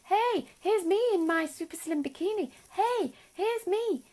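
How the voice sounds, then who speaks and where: A woman putting on the voice of a cheery woman boasting about her life in social media posts, bright and breathless. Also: extremely high pitch, lively intonation, a little slow, pitched above the performer's own voice. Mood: gushing.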